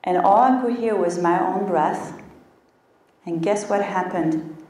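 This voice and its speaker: Woman coach telling a story, low-ish voice, kinda far off in a roomy echoey space. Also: slow. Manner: storytelling, animated, acts out her inner voice. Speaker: health coach. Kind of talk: motivational talk.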